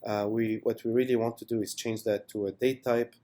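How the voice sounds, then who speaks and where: Man narrating a software demo. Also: on the low side, level tone, a little fast. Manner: unscripted, many fillers, enthusiastic. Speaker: product presenter.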